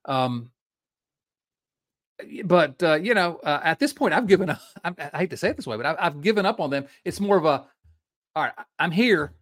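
A slightly high-voiced man talks quickly as a podcast co-host. His casual sports chat turns into a lively rant, with sentences frequently abandoned and restarted.

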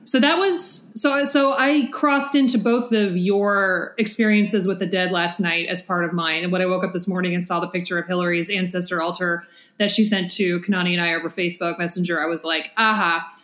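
A woman co-hosting a podcast, chatting casually and quickly recounting things. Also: fairly low pitch, steady tone, a bit bright. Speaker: podcast co-host. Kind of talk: casual chat. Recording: roomy echo.

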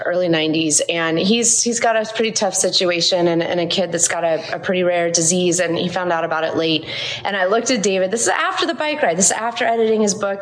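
A woman's voice: lowish voice, rough recording. A middle-aged woman, a guest in an interview, candidly telling personal stories. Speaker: guest, author's wife and editor. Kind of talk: casual conversation.

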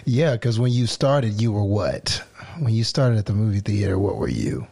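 A man's voice: lowish voice, expressive, moderate pace, vocal fry, dark tone, slightly rough, dry recording. A man co-hosting a podcast, making brief dry remarks. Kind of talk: casual chat.

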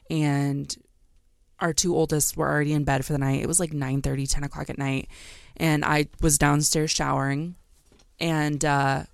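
A woman in her thirties co-hosting a podcast, telling an animated story in casual chat and swearing freely. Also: deep voice, vocal fry, no echo, clean studio sound. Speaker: podcast co-host.

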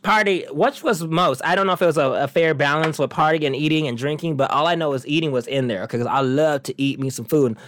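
A man's voice: fairly high pitch, fairly quick, few pauses. Sassy flamboyant man hosting a podcast. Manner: sassy, flamboyant, calls listeners honey; animated, laughs between stories. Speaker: podcast host. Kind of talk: casual monologue chat.

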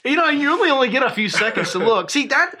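A man's voice: big pitch swings, quick pace, sharp tone. A man co-hosting a casual podcast chat, joking and laughing often. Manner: laughs often, jokey, acts out quotes in high voices. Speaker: podcast co-host.

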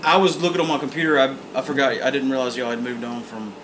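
A man's voice: mid-range voice, fairly even intonation, quick pace, fairly bright tone, rough recording. An easygoing man in a casual podcast chat, recounting movies at length. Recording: air conditioner hum behind.

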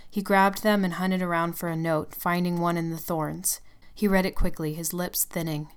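A woman narrates a first-person story in a low voice. Her tone is smooth and clear, and she reads in an intimate, confessional way. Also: fairly even intonation, moderate pace.

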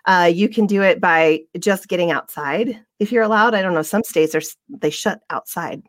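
A woman's voice: fairly low pitch, normal speed, dry recording, clean studio sound. A woman co-hosting a podcast livestream in a casual chat. She talks in a rambling, chatty way with frequent laughs and restarts. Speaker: fitness instructor.

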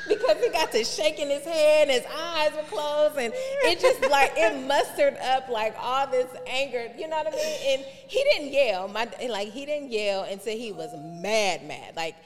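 A woman telling a long personal story in a casual podcast chat, animated and acting out remembered dialogue in different voices. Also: high voice, measured pace. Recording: reverberant room with faint background noise.

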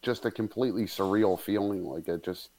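A man's voice: low-pitched, brisk, darkish tone. A man recounting a memory in casual conversation, rambling with many fillers and crude swearing. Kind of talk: casual storytelling.

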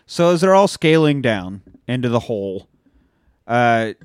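He is a podcast co-host walking his friends through a movie scene by scene, swearing freely and slipping into the characters' lines. His voice is mid-pitched. It is recorded dry and close. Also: big pitch swings, a little slow, clear, resonant tone, no echo. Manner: recaps scenes, acts out dialogue with swearing. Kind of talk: casual movie recap chat.

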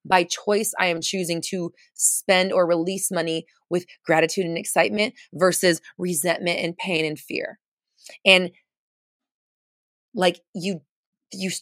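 A woman's voice: fairly low pitch, gravelly, no room sound, clean studio sound. A woman giving casual, chatty coaching on a live stream, full of fillers and restarts, stressing points by repeating phrases.

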